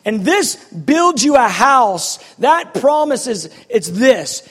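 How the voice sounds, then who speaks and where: A man preaching a passionate, animated sermon, reading scripture and acting out its scenes. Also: extremely high pitch, husky, long reverb tail. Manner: passionate, animated, quick bursts.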